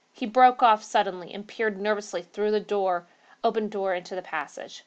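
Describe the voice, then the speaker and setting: A woman narrating a ghost story aloud, steady, with small slips and restarts. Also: mid-range voice, normal speed, clean tone, lo-fi sound.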